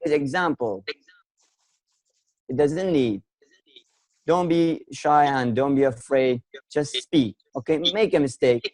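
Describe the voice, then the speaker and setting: A man's voice: medium pitch, slow, long pauses, dry recording, low-quality recording. Encouraging male teacher online. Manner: encouraging, repeats words while searching for them. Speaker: English teacher hosting an online class. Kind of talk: online lesson.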